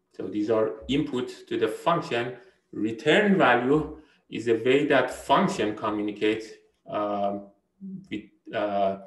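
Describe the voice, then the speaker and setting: A man with a fairly low-pitched voice gives a university lecture, recorded in an echoey room at low quality. He's hesitant, full of fillers and restarts, and keeps checking in with "right?"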